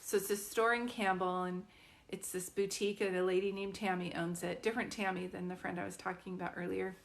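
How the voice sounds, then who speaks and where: A woman's voice: mid-range voice, fairly even intonation, a little fast, creaky. Chatty woman in her fifties, storytelling. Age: 50s. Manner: chatty, with frequent fillers and restarts. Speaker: psychic medium. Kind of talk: casual personal storytelling.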